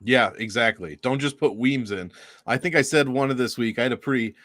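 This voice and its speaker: A man's voice: medium pitch, fairly quick, a bit bright, no room sound, clean studio sound. A man co-hosting a betting show in an easygoing, agreeable way, chatting casually. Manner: easygoing, agreeable, laughs along. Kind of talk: casual podcast chat.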